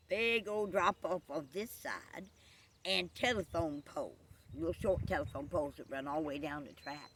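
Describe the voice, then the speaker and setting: A woman telling a folksy joke story with drawn-out asides. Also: fairly low pitch, animated, a bit bright, slight background noise.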